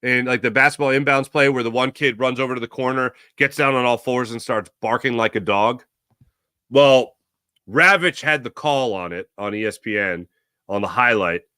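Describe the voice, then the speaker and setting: A male sports talk host talks in a loose, rambling way and jokes as he reads out viewer comments. His voice is bright and forceful. The sound is dry and close, with no room around it. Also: medium pitch, normal speed, clean tone, no echo. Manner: animated, rambling, jokey. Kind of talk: casual sports talk, reading chat comments.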